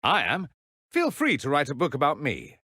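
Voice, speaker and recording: A vain, flamboyant male mage, theatrical and self-satisfied. His husky voice swings widely in pitch, set in dry game dialogue. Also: huge pitch swings, normal speed, bright, forceful tone, dry recording, full character voice. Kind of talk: video game companion dialogue.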